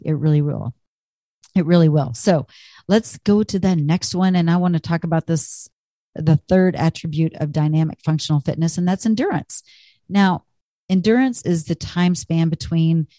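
A woman talks fitness in a chatty, encouraging way that pokes fun at herself. Her voice sits a bit low and mellow. The recording is dry and close, with no room echo. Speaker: fitness instructor. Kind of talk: upbeat fitness talk.

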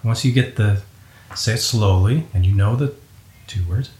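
A man hosting an interview podcast, asking curious clarifying questions in a relaxed conversational way. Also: on the low side, moderate pace. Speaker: podcast host. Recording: roomy echo.

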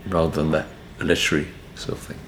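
A man's voice: a bass voice, level tone, fast, a bit bright, slight background noise. A man in his eighties with a Liverpool accent, telling wry, meandering stories as a guest in an interview, often stopping and restarting his sentences. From Liverpool area, England. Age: 80s. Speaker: poet guest. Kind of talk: relaxed anecdotal interview answers. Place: hotel book room, indoors. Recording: roomy echo, faint ambience.

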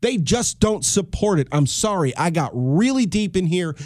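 A man's voice: high voice, sing-song, normal speed, darkish tone, no room sound, studio quality. A man hosting a solo podcast, ranting with heavy swearing, repeating himself and restarting his sentences. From United States. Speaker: podcast host.

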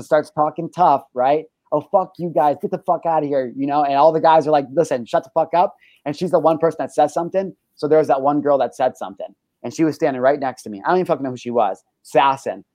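A young man hosting a talk show, telling a wild story in a rough, profane way full of fillers and restarts. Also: a little high, darkish tone, dry recording. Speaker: host.

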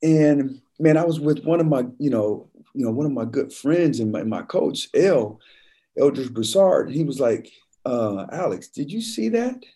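A laid-back man talks in an easy conversational flow, constantly dropping "man" into his stories. His voice is mellow and a little husky, sitting at a middle pitch. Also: normal speed. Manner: relaxed storyteller, says "man" constantly. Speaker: podcast guest, former football player. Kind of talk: casual conversation, storytelling.

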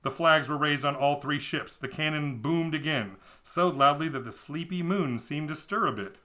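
A man's voice: a little high, moderate pace, pushed and bright. A man co-hosting a comedy podcast, reading a children's book aloud with wry, amused asides.

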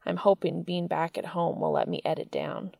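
Woman doing an intense tender guy writer, low gravelly voice, dry sound. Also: fairly even intonation, moderate pace, mellow, no room sound. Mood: earnest.

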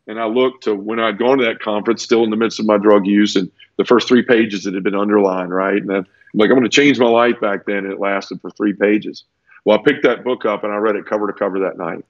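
In a lo-fi recording with no room sound, a man with a fairly low voice earnestly recounts his conversion in a conversational interview. He stumbles through the testimony, restarting as he goes.

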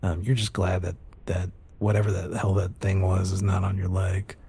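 A man's voice: sits low, flat delivery, moderate pace, vocal fry, dark tone, breathy edge. A man running a tabletop horror game as game master, narrating scenes in vivid detail.

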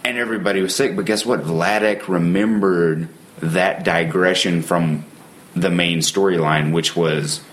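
Man, very low voice, podcast host, casual book discussion, enthusiastic. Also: fairly even intonation, unhurried, a bit bright.

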